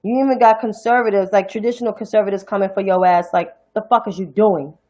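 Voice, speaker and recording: A Harlem woman with a New York accent hosts a casual livestream commentary show, ranting bluntly, profanely and with indignation. Her mid-range voice is steady and somewhat dark, and she talks fast.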